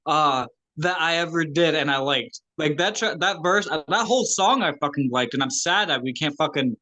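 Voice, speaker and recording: A man's voice: fairly high pitch, moderate pace, sharp tone. A man from Canada chatting casually as a rapper, swearing freely and laughing easily. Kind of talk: casual chat.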